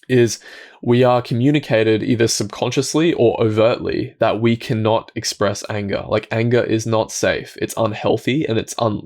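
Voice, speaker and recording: A man with a fairly low voice talks to camera about inner work in a calm, unhurried way. His delivery is gentle and thoughtful, and his sentences often trail off and restart. Now and then he sinks into soft, quiet asides. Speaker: self-help video host. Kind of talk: reflective talk to camera.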